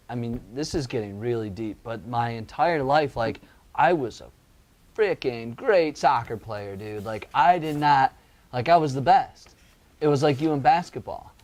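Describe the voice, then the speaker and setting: A man's voice: medium pitch, measured pace, darkish tone. A young man co-hosting a podcast, talking casually and rambling through thoughts with lots of "like" and laughs. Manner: rambling, many fillers and restarts, laughs easily. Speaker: podcast co-host.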